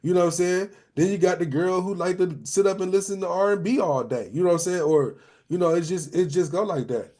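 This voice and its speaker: A man in a casual group discussion, talking in a relaxed way and often saying "you know what I'm saying". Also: high voice, fairly quick. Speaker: discussion participant.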